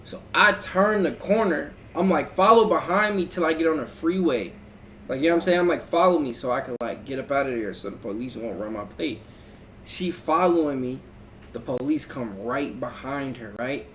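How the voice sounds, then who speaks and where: A man's voice: medium pitch, normal speed, a bit bright. Laid-back slangy man streamer. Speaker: streamer host. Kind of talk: casual storytime chat. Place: room at home. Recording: mic at a distance, faint hiss.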